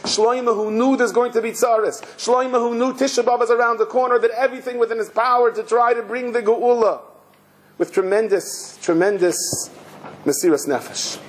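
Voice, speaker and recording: Male rabbi, high voice, emotive sermon storyteller who repeats phrases. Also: fairly even intonation, normal speed, poor audio.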